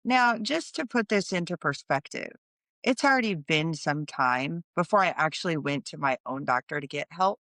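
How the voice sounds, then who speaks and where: A woman's voice: low voice, animated, normal speed, a bit bright, no room sound, clean studio sound. A middle-aged woman hosting a podcast, earnestly telling a personal story in a conversational way and explaining things as she goes. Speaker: podcast host.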